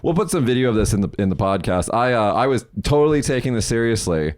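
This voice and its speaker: With a medium-pitched, sing-song voice that's fast and a bit dark in tone, this young Las Vegas man hosts a podcast. The studio-quality recording has no echo, and his casual chat rambles with plenty of swearing.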